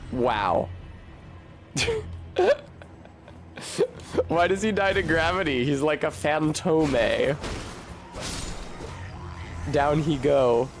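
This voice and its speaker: A man's voice: on the high side, takes it slowly, long pauses, a little hiss or hum. A man streaming a video game, chatting casually in a rambling, profane and wry way. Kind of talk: casual gameplay commentary.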